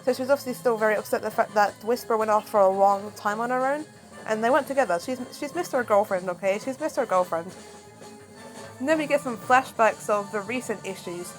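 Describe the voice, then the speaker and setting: A woman recaps a comic book in a relaxed, chatty style, animated and quick to react. Her voice sits on the higher side. She comes across as casual and engaged. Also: soft background music, low-quality recording.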